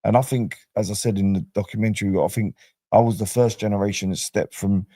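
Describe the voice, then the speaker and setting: A man's voice: fairly low pitch, fast, no echo. A man from Brixton with a South London accent, telling stories in a casual interview. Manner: chatty storyteller, relaxed street slang. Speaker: guest, docuseries cast member.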